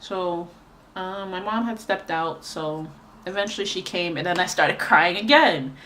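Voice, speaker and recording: A woman's voice: fairly low pitch, a little slow, sharp tone, slight background noise. A young woman telling a rambling story in casual chat while doing her makeup, with lots of fillers. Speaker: beauty vlogger.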